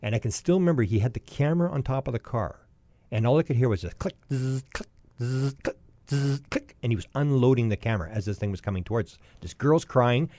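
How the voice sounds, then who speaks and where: A man in his sixties telling a long personal story as a podcast guest, lively and anecdotal, often restarting his sentences. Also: medium pitch, quick pace, no echo. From Canada.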